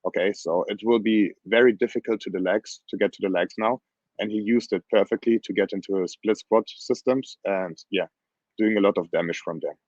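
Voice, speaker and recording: A man coaching grappling, talking bluntly and with energy in a casual interview, his voice hoarse from screaming. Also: on the low side, a little fast, no echo, muffled recording. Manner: animated, blunt, plain phrasing.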